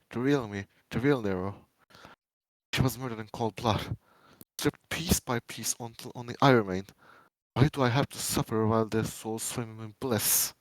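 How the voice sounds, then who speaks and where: A man giving a dramatic reading of fan fiction, a first-person monologue, swinging between menacing loud lines and hushed pleading ones. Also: fairly low pitch, dry recording, low-quality recording.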